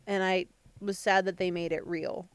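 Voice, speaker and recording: A woman's voice: lowish voice, level tone, normal speed, clear, resonant tone, no room sound. A young adult woman co-hosting a podcast, chatting casually and thinking aloud with many fillers. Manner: thoughtful, hedging with many fillers. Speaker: podcast co-host. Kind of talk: casual chat.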